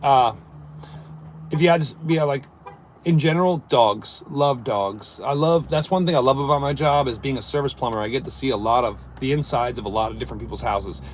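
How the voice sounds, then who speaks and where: A man's voice: medium pitch, brisk. Man, casual live-stream chat, joking, rambling, inside a van, faint vehicle noise. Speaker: livestreamer and service plumber. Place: inside a parked work van.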